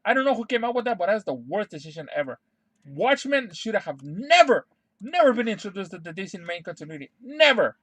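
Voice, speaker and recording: A young man with a high voice for a guy rants live to his stream chat. He is heated and exasperated, swears freely and keeps circling back to the same flat refusals. The sound is dry and close, with no room echo. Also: fairly quick. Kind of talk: unscripted rant to stream chat.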